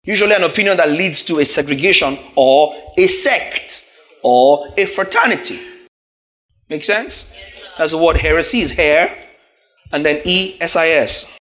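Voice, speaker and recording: A man's voice: on the high side, unhurried, fairly bright tone. A man preaching a sermon, reading scripture verses aloud and explaining word meanings, often checking in with the congregation through questions.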